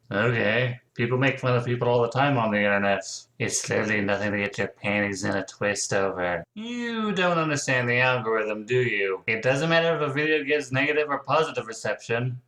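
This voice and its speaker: A man with a bright, forceful voice delivers commentary full of deadpan sarcasm. He mocks the clips calmly and lets the jokes land flat. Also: mid-range voice, poor audio. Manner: dry, mocking, deadpan sarcasm. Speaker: commentary YouTuber.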